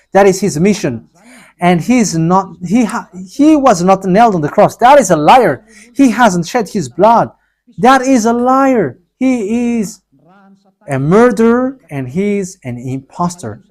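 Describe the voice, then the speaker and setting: A preacher giving an emphatic sermon, repeating warnings and calls to act, and closing with a slow spoken prayer. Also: mid-range voice, a little mellow.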